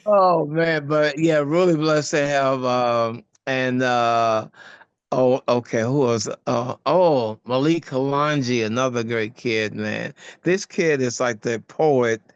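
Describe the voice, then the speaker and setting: An older man, a guest actor, chatting in an interview and telling stories animatedly, with many halting restarts. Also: smooth, no room sound, dull audio. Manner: animated storyteller, voice jumping high for quoted asides. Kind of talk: casual interview chat.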